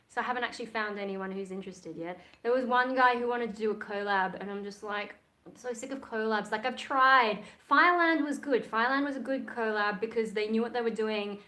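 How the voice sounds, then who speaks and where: A woman talks casually on a livestream, rambling and frank. Her voice sits a little above the usual pitch for a woman. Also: a bit bright. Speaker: livestream host and metal singer.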